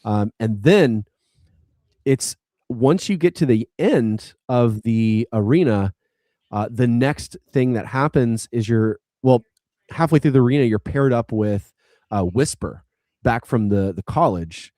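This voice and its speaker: A man's voice: medium pitch, animated, unhurried, dark tone, no echo, studio quality. A man on a podcast retelling a video game story in a casual, rambling way, full of likes and restarts. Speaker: podcast co-host.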